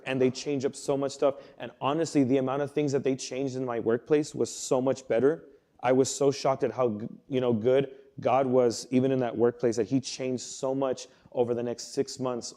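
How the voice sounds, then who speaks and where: A man's voice: mid-range voice, dark tone. Young man telling an earnest sermon story. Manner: conversational, earnest, with many restarts and quoted inner thoughts. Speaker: youth pastor.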